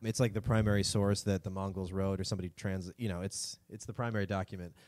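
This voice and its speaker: A man's voice: low voice, steady tone, fast, darkish tone, no echo. Joking podcast guy, bone-dry mic. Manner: joking, rambling, swears freely. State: cold. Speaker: podcast co-host. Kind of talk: casual comedic history chat.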